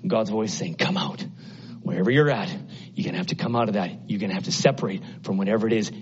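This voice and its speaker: A man preaching an impassioned sermon, often climbing into high exclamations. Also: rapid-fire, breathy edge, lo-fi sound.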